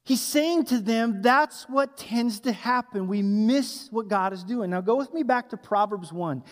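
A male pastor preaching a sermon with animated, emphatic delivery and asking the congregation to fill in blanks. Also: high-pitched, unhurried. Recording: long hall reverb.

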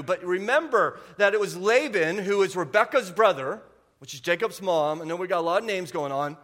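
A man in his forties preaching a humorous sermon to a church congregation, full of quick asides and repeated "okay?". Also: high voice, a bit bright. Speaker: pastor. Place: church sanctuary.

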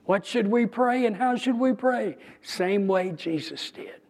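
Male preacher, high voice, talks through scripture conversationally with emphasis. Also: animated, darkish tone. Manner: conversational, emphatic, with pauses and restarts. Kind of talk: bible teaching.

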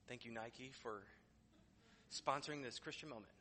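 A man's voice: medium pitch, moderate pace, long pauses, bright, forceful tone, big-room sound, slight background noise. A man preaching a sermon as pastor in a church, conversational and joking, building to emphatic declarations. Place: church sanctuary.

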